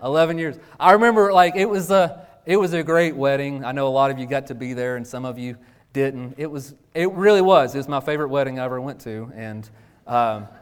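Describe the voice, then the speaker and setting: A man's voice: mid-range voice, brisk, clean tone. A man, preaching a sermon with emphatic rhetorical questions and casual asides. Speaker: pastor.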